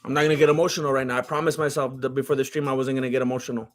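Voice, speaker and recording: A man's voice: mid-range voice, flat delivery, rapid-fire. A young man hosting a live stream, giving casual fight commentary in a rambling, joking way that often stops and restarts mid-sentence. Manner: rambling, joking, self-interrupting.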